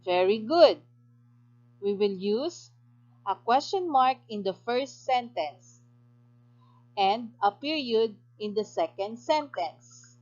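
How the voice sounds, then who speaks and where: Filipino English woman teacher, unhurried and slightly high, muffled lo-fi sound. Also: expressive, a little mellow. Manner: slow, clear and instructive, with praise for answers. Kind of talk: recorded module lesson.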